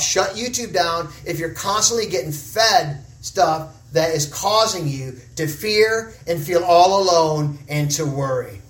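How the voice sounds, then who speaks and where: Impassioned man preaching in an echoey church. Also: high voice. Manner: impassioned preaching, swinging from urgent rises to slow, hushed stretches. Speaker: pastor. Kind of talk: sermon. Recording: echoey room, voice from far off the mic.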